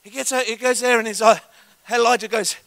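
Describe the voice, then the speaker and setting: A man preaching a sermon as a guest pastor in a church, animated and joking with the congregation. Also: very high-pitched, brisk, gravelly, no echo. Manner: animated, jokes with the congregation, acts out story voices. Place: church auditorium. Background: soft keyboard music.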